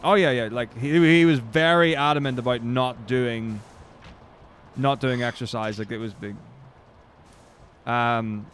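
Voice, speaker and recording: A man's voice: medium pitch, steady tone, measured pace, pauses often, fairly bright tone, a little hiss or hum. Rambling male streamer telling a story. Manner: rambling, with frequent restarts and acted-out quotes. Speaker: speedrun streamer. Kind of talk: casual storytelling while streaming.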